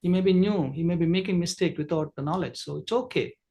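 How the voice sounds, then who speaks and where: A man's voice: high-pitched, fast talker, dark tone. A man who trains people in communication, giving an online masterclass lecture over a video call, explaining at length with many fillers and restarts.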